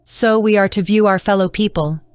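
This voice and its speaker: Woman narrator playing a troubled young woman, searching and pleading; smooth, dry audiobook read. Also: medium pitch, fairly quick, dry recording, natural voice. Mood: questioning. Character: troubled young woman questioning her captor.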